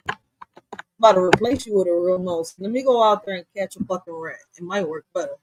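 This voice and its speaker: A woman hosting a casual livestream, talking bluntly with lots of swearing and reacting loudly, with laughs, to comments from her chat. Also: medium pitch, no echo, poor audio. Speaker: livestream host.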